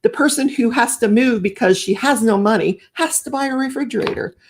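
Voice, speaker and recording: A woman's voice: fairly high pitch, fairly quick, slight background noise. A middle-aged woman hosting a live crafting stream from home, chatting casually, rambling and laughing as she reads out viewer comments.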